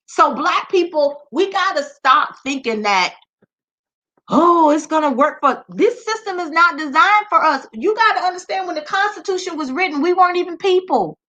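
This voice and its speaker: High, bright-voiced woman, impassioned commentary. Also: animated, moderate pace, hardly any pauses. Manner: emphatic, repetitive, rhetorical questions; direct address to the audience.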